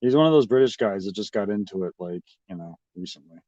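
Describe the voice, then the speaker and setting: A man's voice: fairly low pitch, animated, fast, mellow, no room sound. A man talking casually to his livestream chat, rambling and mocking with lots of swearing. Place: at a restaurant. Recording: dry, slightly dull audio.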